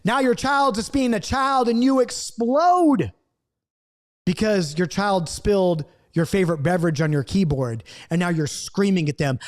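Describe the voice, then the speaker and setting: Animated high-voiced male Bible teacher. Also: unhurried. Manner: acts out quoted outbursts, swings between loud and hushed. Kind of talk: impassioned Bible study talk to camera.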